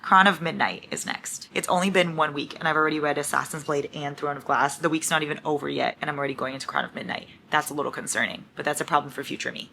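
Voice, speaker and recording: A woman's voice: low-pitched, fairly even intonation, fast talker, gravelly, hardly any pauses. A young woman chatting casually at home about the books she is reading, swearing and reacting dramatically. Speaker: book vlogger. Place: home at night.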